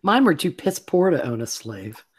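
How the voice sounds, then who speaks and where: A woman from Virginia co-hosting a live podcast, joking and quick to laugh. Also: deep voice, big pitch swings, breathy edge. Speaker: co-host. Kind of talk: casual podcast chat.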